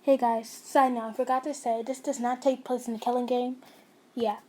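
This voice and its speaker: A woman's voice: on the high side, level tone, moderate pace, dark tone. A young woman narrating a fan fiction story casually, stumbling and restarting, with chatty asides to her listeners.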